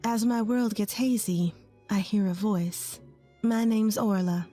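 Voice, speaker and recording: A woman's voice: mid-range voice, slow pace, mellow, soft background music. Woman in her twenties narrating her story. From rural Texas, USA. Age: 20s. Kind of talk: first-person story narration.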